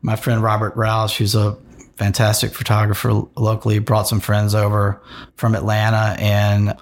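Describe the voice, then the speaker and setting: A man, a fashion designer talking in a relaxed, rambling interview, with lots of restarts and "you know". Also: on the low side, moderate pace. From American South.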